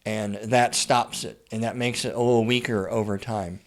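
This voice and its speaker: A man's voice: fairly low pitch, fairly even intonation, moderate pace. Blunt, stammering man giving advice. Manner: frequent stammered word repeats; blunt, swears freely. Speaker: writer and therapist. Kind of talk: casual advice monologue.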